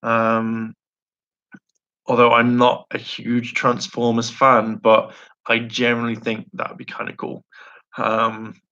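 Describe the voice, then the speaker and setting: A man's voice: medium pitch, completely flat delivery, slow, pushed and bright, lo-fi sound. A young man chatting casually on a live stream, rambling and enthusiastic, laughing often and acting out quotes.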